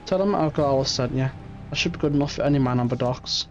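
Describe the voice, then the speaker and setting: A man's voice: medium pitch, fast talker, a little mellow, natural voice. A man voicing a seasoned old sailor in a game reading, telling his tale matter-of-factly. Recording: muffled stream audio, faint music.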